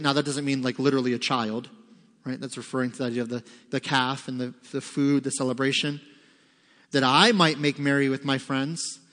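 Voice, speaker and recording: A man's voice: mid-range voice, a bit bright. A man preaching a conversational sermon, reading scripture aloud and acting out voices. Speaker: pastor. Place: church sanctuary. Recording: long reverb of a large hall.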